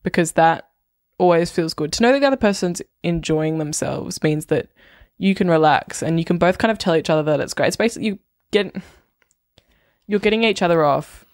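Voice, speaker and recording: A young woman co-hosts a casual podcast, dry and teasing, with a gravelly fry in her voice. The sound is close and dead, with no room echo. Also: fairly low pitch, lively intonation, a little fast. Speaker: podcast co-host.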